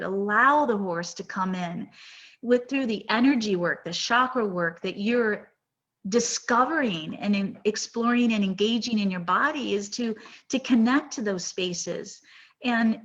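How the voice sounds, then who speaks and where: A woman's voice: mid-range voice, fairly bright tone, dull audio. A woman hosting a live podcast, telling an emotional story in an earnest, rambling way. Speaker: podcast host.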